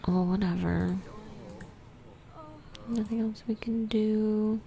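A woman casually commenting on her own gameplay, often dropping to a soft whisper. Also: mid-range voice, unhurried, long pauses. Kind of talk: casual let's-play commentary.

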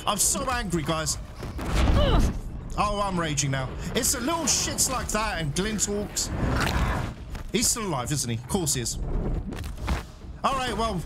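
Animated man swearing through gameplay commentary. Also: high-pitched, very noisy. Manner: talks to viewers, swears and laughs when frustrated. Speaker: video game let's player. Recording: loud game sounds under the voice.

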